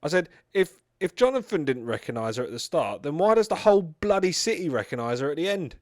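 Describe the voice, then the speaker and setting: A man's voice: fairly high pitch, sing-song, fast talker, no echo, clean studio sound. A man co-hosting a podcast, retelling movie scenes casually with swearing and frequent "right?". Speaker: podcast co-host. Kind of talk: casual chat, movie review.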